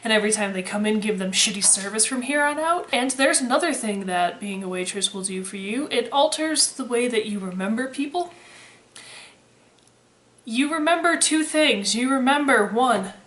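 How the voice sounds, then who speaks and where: A woman's voice: a little high, animated, normal speed, fairly bright tone. A woman in her twenties chatting casually to camera, sarcastic and freely swearing with dry humor. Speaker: vlogger, former waitress. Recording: roomy echo.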